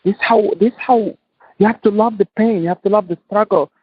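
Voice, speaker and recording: Interview guest: man from Tunisia, husky and fairly high voice, impassioned and repetitive, dry, dull sound. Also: fairly even intonation, brisk, dry recording. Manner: impassioned, repetitive, non-native English. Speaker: guest entrepreneur. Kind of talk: passionate interview talk.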